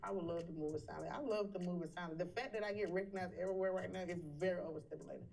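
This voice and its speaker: A woman answering interview questions bluntly and with profanity, thinking her answers through out loud. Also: lowish voice, racing, gravelly, far from the mic, soft background music.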